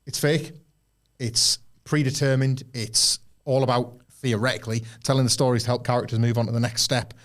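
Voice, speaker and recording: A man co-hosting a podcast, chatting casually at a middle pitch. He rambles loosely with plenty of fillers and restarts, and now and then acts out other people's lines in quick bursts. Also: steady tone. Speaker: podcast co-host. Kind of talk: casual chat.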